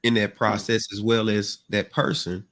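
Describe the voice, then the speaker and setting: A man's voice: lowish voice, fairly even intonation, normal speed, vocal fry, fairly bright tone. A man chatting casually on a panel, agreeing with the others and adding his own view. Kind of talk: casual chat.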